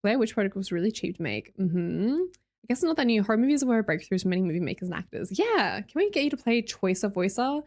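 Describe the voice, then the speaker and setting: A woman's voice: medium pitch, big pitch swings, fast talker, a little mellow. A young Australian woman streamer chatting casually with her viewers, reading their messages aloud and laughing often. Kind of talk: casual chat with live chat readers.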